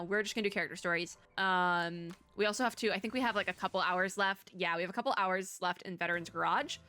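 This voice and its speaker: A woman's voice: mid-range voice, bright, forceful tone. A young woman from Texas giving casual, rambling commentary while playing a story game and reading its dialogue aloud. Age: young adult. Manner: chatty, rambling, reads dialogue without voices. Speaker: gaming content creator. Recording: faint game music behind.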